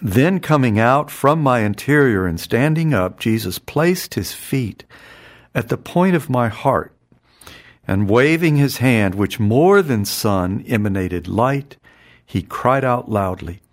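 A man reading a devotional text aloud and explaining it in an earnest, measured way, often repeating phrases. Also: mid-range voice, expressive. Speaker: spiritual teacher.

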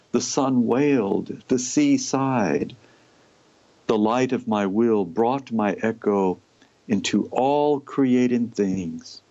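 A man reading aloud from a devotional text and explaining it in a deliberate way, lingering on long lists of words. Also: lowish voice, a little mellow, no room sound. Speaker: religious teacher. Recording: dull, lo-fi, dry recording.

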